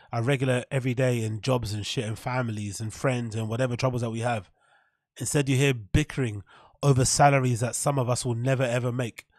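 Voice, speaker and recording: A man riffs over a podcast clip in casual stream commentary, sarcastic and quick to laugh. His voice sits mid-pitch and sounds close and dry, with no room around it. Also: dry recording. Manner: sarcastic, mocking, laughing often.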